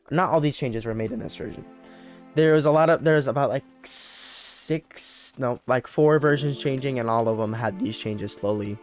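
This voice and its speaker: A young man narrating his gameplay casually, rambling and often correcting himself mid-sentence. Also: mid-range voice. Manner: rambling, self-correcting, repeats words. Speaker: let's play host.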